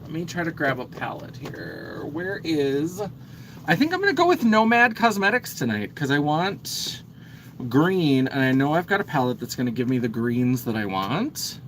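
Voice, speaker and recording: A man's voice: fairly high pitch, wildly swooping pitch, a little hiss or hum. A man, a drag performer, chatting casually on a livestream while doing his makeup, rambling with lots of fillers and trailing off as he works. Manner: talks while busy with makeup, pausing and trailing off. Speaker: drag performer getting ready for a show.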